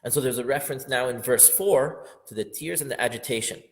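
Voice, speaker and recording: A man leads a religious lesson on a classic poem, his mid-range voice moving from quiet, tender explanation to fervent, loud repetition. His delivery is heartfelt and insistent, and now and then he half-sings a verse. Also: medium pitch, a little fast, gravelly. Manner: impassioned, building up to loud emphatic peaks, sometimes half-singing verses. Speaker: teacher.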